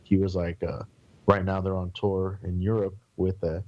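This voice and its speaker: Deep-voiced and fairly flat in pitch, speaking at normal speed over dull audio, a podcast guest from San Antonio, Texas, tells road stories. His casual storytelling rambles, with lots of swearing and voices quoted along the way.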